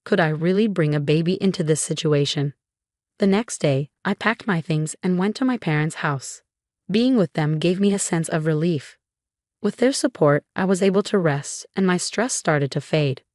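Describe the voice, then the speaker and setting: A woman telling a first-person story in an even, steady read. Her voice sits low and sounds dry and close, with no room around it. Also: moderate pace, dry recording. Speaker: narrator.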